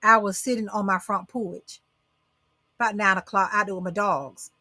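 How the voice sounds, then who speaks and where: Middle-aged woman host, bright, dry close sound, preachy and coaxing with her audience. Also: medium pitch, fairly even intonation, normal speed, no echo. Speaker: talk show host. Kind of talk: casual motivational talk to live viewers.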